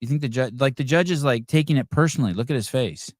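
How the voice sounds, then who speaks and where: A man's voice: medium pitch, fast talker. A man hosting a live podcast, reacting to videos in a blunt, profane rant. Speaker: podcast host.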